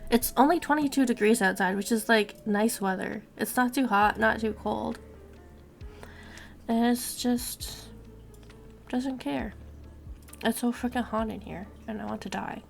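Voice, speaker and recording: A young woman streamer chatting casually and rambling to her viewers, swearing now and then, with a gravelly voice. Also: a little high, unhurried, long pauses, faint music behind.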